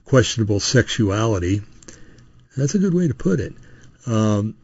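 Man, low voice, rambling opinionated host monologue, dry dull lo-fi sound. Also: big pitch swings, normal speed, darkish tone, slightly rough, no echo. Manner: rambling, full of restarts and asides. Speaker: podcast host.

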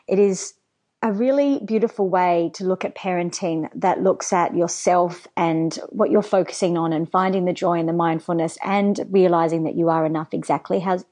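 A woman hosts a podcast interview, her voice at a middle pitch. She sounds effusive and affirming, thanking her guest warmly and adding soft murmurs of agreement. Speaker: podcast host.

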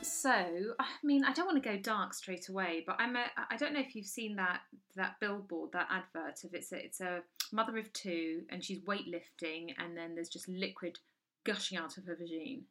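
Bright, blunt woman co-host. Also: on the low side, moderate pace, soft background music. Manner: blunt, crude and animated. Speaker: podcast co-host. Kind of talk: casual chat.

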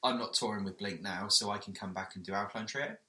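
Man, casual podcast chat, self-mocking, bright forceful tone, echoey room. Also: fairly low pitch. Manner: sweary, self-mocking, quick asides. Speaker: podcast co-host. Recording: roomy echo.

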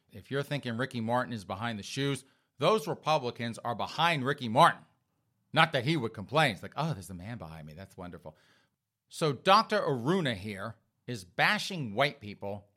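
A man's voice: mid-range voice, bright, forceful tone. A man hosting an opinion commentary monologue, mocking and sarcastic, repeatedly addressing his listeners directly. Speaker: commentary host.

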